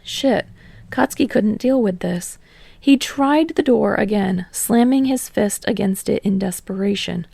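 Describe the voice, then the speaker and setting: Woman narrating with a gravelly tone. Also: mid-range voice, a little slow, dark tone, dry recording. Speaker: podfic reader. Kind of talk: fan audiobook narration.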